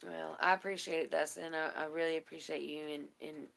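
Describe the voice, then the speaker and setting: A woman's voice: sits low, steady tone, a little fast, vocal fry, fairly bright tone. A woman speaking in a tearful, heartfelt video message, rambling with many fillers and close to crying. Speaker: vlogger. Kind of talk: emotional casual video message.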